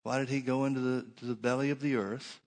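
A middle-aged man preaching a sermon in an ordinary mid-range voice. He drives his points home by slowing down and repeating phrases. His delivery rises and falls as he teaches from scripture. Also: mid-range voice, fairly even intonation, darkish tone. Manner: preaching with shifting emphasis, slows to stress points. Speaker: pastor.

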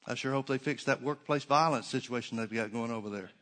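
A man's voice: medium pitch, fast, fairly bright tone. A man preaching a sermon as pastor, emphatic, with rhetorical questions and dry sarcastic asides.

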